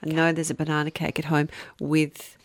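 A woman's voice: sits low, monotone, moderate pace, a little hiss or hum. A woman casually telling a true crime story as a podcast co-host, rambling and often losing her place. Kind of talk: casual chat.

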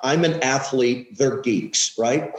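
A man in his fifties, a TV weatherman, tells the story of his career as a guest in a casual interview, poking fun at himself and acting out the people he quotes. His voice is medium-pitched and slow, with the highs cut off, recorded in an echoey room.

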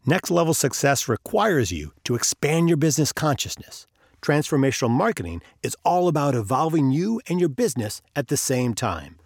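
A man's voice: a little high, sing-song, moderate pace, no echo, clean studio sound. A man hosting a podcast, telling a story and acting out the characters' lines. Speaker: podcast host.

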